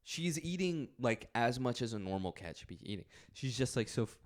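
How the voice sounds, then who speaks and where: A man's voice: mid-range voice, sing-song, fairly quick. A man co-hosting a casual podcast in a laid-back, joking way. He hesitates and restarts his sentences as he goes, keeping the talk loose. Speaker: podcast co-host. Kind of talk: casual chat.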